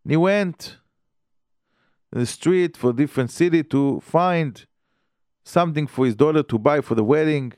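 A man's voice: on the high side, darkish tone, dry recording, studio quality. Earnest man telling a story. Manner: earnest storyteller with halting, broken English phrasing. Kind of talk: storytelling sermon.

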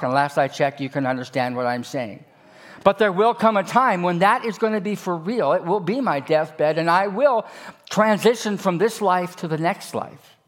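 A man's voice: high voice, fairly bright tone. A man in his sixties preaching a sermon with personal stories, folksy and joking with emphatic delivery.

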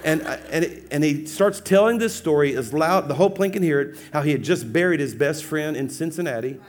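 A man preaching as a pastor, telling a funny personal story with lively, laughing acted-out dialogue. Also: fairly high pitch, brisk. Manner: animated, humorous, acts out dialogue with laughs. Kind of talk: sermon storytelling.

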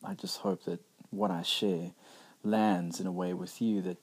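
A man's voice: low voice, flat delivery, measured pace, darkish tone, husky. A middle-aged man hosting a podcast, talking candidly and reflectively in a conversational way with many restarts. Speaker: podcast host. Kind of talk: reflective personal monologue.

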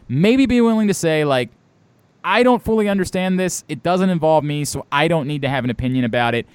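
Emphatic, lively-voiced man from Baltimore. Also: high-pitched, clean tone, no room sound. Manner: emphatic, blunt, swears. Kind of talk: casual opinionated chat.

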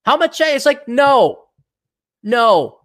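Hosting a solo podcast, a man rants in a profane, sarcastic way, putting on mock voices for people he disagrees with. He speaks slowly in an extremely high, sing-song voice with a fairly bright tone.

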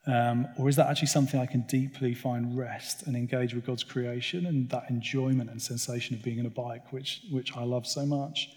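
A man's voice: mid-range voice, little pitch movement, a little fast, hardly any pauses, a little mellow. A man giving an earnest, personal sermon talk in a conversational way at a church gathering. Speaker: church speaker. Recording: long reverb of a large hall.

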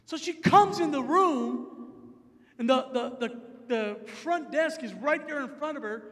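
Very high-voiced male preacher telling a story. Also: a little slow. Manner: animated storyteller, dropping to low asides. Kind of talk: storytelling sermon. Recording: long hall reverb.

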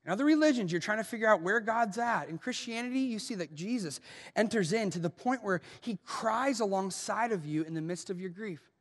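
A male pastor with an American accent preaching a sermon, emphatic, rising to loud urgency and dropping to hushed softness. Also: sits high, expressive, fairly quick. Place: large church auditorium. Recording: long hall reverb.

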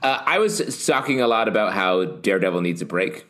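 A man co-hosting a comic book podcast, animated and jokey in casual chat. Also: fairly low pitch, brisk. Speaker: podcast co-host.

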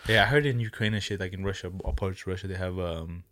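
A man's voice: low voice, quick pace, fairly bright tone, no room sound, studio quality. A young man chatting casually on a podcast, slangy and laid-back, swearing freely. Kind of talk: casual chat.

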